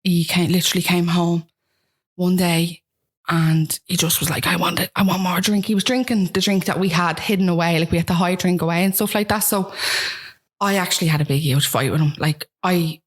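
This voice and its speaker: Young dublin woman chatting openly in an interview, fairly low voice, lots of "like". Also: fairly even intonation, brisk. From Ballymun, Dublin, Ireland. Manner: frank, with frequent "like" and restarts. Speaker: guest. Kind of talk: candid conversational storytelling.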